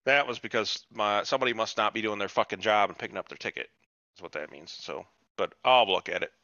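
A man's voice: lowish voice, fast talker, pushed and bright, dry recording, highs cut off. A man co-hosting a podcast in casual chat, rambling and swearing freely with many restarts. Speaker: podcast co-host.

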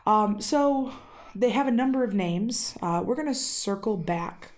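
A woman's voice: medium pitch, lively intonation, a little slow, darkish tone. A woman with a Wisconsin accent, co-hosting a casual podcast and explaining a legend she researched, with frequent "uh" fillers. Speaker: podcast co-host presenting research.

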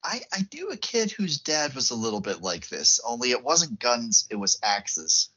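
A man's voice: mid-range voice, big pitch swings, normal speed, pushed and bright, muffled recording. A man co-hosting a podcast, retelling a film's plot in casual chat with lots of fillers and acted-out quotes. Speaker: podcast co-host. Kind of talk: casual film discussion chat.

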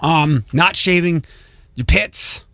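A man's voice: fairly high pitch, takes it slowly, vocal fry, bright, forceful tone. A man hosting a casual morning radio show, running through the lineup with frequent restarts and asides. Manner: rambling, self-interrupting, reads show rundown. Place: radio studio. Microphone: studio microphone.

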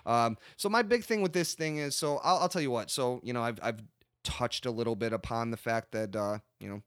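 A man's voice: medium pitch, brisk, fairly bright tone, clear, resonant tone, no echo, clean studio sound. Profane ranting podcast host man. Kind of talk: casual podcast chat.

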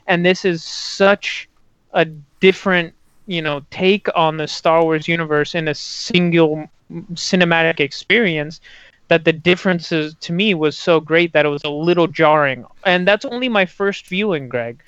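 A man's voice: a little high, moderate pace, a bit bright, clean tone, dry recording, lo-fi sound. Blunt, swearing podcast guy. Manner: blunt, swears freely, many fillers. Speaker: podcast co-host. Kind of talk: casual podcast chat.

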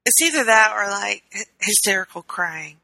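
A woman's voice: mid-range voice, lively intonation, normal speed, vocal fry, sharp tone, no room sound, rough recording. A woman co-hosting a podcast in casual chat, joking, using slang and laughing often. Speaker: podcast co-host.

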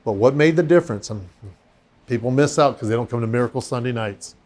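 A pastor with a mid-range voice tells a story in casual conversation, talking fast. He's animated and acts out the voices of the people in it.

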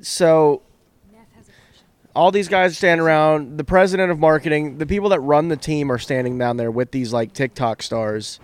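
A man's voice: a little high, moderate pace, clear, resonant tone, no room sound. A man co-hosting a casual podcast, chatting in a laid-back way and laughing along. He sounds drunk. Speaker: podcast co-host. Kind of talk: casual chat.

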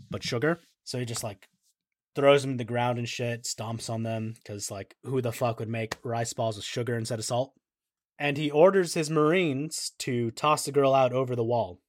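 A man's voice: mid-range voice, no echo. A man co-hosting a podcast, recapping a scene in offhand, profane casual chat. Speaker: podcast co-host.

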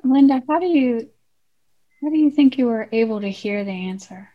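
A woman's voice: a little high, lively intonation, normal speed, muffled recording. A woman interviewer who asks short, probing follow-up questions.

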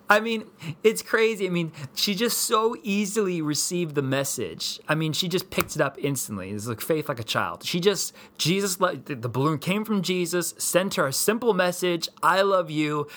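Rambling, bright-voiced male preacher. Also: mid-range voice. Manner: rambling, repetitive restarts, animated. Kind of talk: storytelling sermon.

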